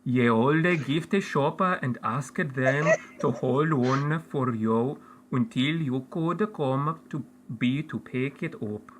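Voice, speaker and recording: Bright-voiced man narrating a story game. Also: mid-range voice, slight background noise, poor audio. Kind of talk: reading interactive fiction aloud.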